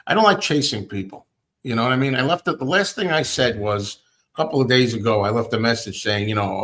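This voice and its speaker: A male host tells everyday stories in a chatty, ranting way, his voice rising high when he acts out what he said. His pitch sits in the ordinary middle range for a man, and he talks to listeners directly. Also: fast talker. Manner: ranting, animated storytelling. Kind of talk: casual chat.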